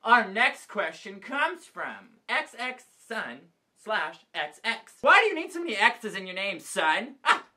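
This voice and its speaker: A bratty, self-important vlog diva, as a young man puts him on, tossing out sassy insults in a bright, sharp voice that swoops up and down. He sounds mock-offended and snappy, answering viewer questions with comic arrogance. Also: high voice, sing-song, unhurried, few pauses, full character voice. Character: vain bratty male persona 'Mr. O'. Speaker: comedic vlog host.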